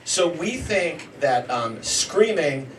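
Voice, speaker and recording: A man in his forties doing a self-deprecating stand-up comedy set, yelling during some bits. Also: fairly high pitch, big pitch swings, slow. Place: comedy show in a homemade bar. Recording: roomy, mic heard from a distance, noisy room.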